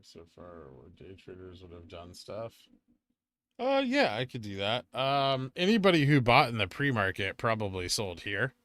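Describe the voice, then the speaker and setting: A man with a bright, forward tone hosts a casual livestream. He reads viewer questions aloud and answers them in a relaxed, tired way. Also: on the low side, moderate pace, no echo. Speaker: livestream host reading chat.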